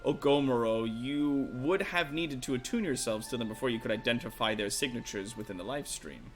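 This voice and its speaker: A man voicing a careful female scholar, speaking formally and measuredly in a softer, lower tone. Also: a little fast, soft background music, close to an everyday voice. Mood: pondering.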